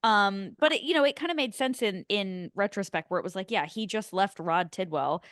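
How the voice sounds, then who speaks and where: A woman co-hosting a casual film podcast, chatting with quick reactions and questions. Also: mid-range voice, animated, fairly bright tone, no room sound, studio quality. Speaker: podcast co-host.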